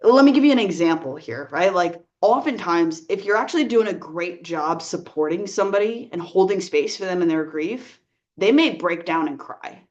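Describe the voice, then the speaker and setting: A woman working as a life coach, giving earnest, gentle advice straight to the viewer and often checking in with "right?". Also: on the low side, lively intonation, normal speed, highs cut off. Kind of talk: advice talk to camera.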